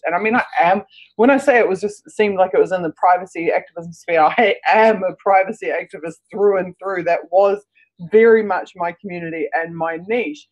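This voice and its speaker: A woman's voice: fairly low pitch, brisk, darkish tone, poor audio. A woman taking her turn in a live online discussion, conversational and self-correcting. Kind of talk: casual chat.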